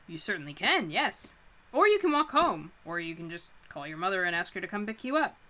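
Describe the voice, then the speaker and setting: A woman doing a pushy, overly polite gentleman. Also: lowish voice, very animated, a little fast. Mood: smooth. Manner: genteel, chatty, persuasive. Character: overly polite, insistent middle-aged gentleman.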